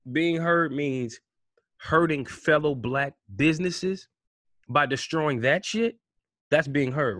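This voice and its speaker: Heated man ranting into a dry mic. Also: no room sound. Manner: heated, rhetorical questions, swings between loud outbursts and low mutters. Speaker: vlogger. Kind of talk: impassioned commentary rant.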